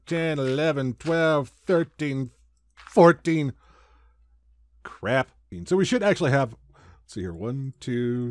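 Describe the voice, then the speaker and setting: A man's voice: mid-range voice, dry recording. A man hosting a Let's Play, chatting casually through his building and making silly sound effects. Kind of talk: casual gameplay commentary.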